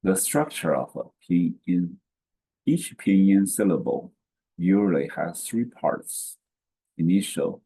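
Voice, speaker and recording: A man teaching pronunciation slowly, saying each syllable and then repeating it. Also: sits low, gravelly, warm tone, husky. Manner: slow and deliberate, repeats each syllable twice. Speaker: language teacher. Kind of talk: slow pronunciation lesson.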